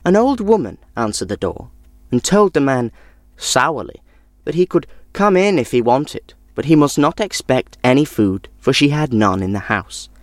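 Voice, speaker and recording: A man reading a folk tale aloud in a measured, expressive storytelling manner. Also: medium pitch, dry recording, clean studio sound.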